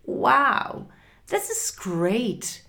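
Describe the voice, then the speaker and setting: A woman's voice: extremely slow, gravelly, full character voice. A woman reading aloud, voicing a nervous, impulsive teenage boy in a storybook. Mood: excited, worried. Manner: higher, excited or panicky.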